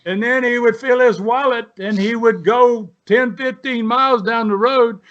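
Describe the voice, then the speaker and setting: A man's voice: extremely high pitch, fairly even intonation, normal speed, fairly bright tone. A man, a retired wrestler telling rambling, salty stories in an interview. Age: 70s. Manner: folksy, rambling storyteller with salty language. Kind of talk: storytelling interview. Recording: dull lo-fi sound.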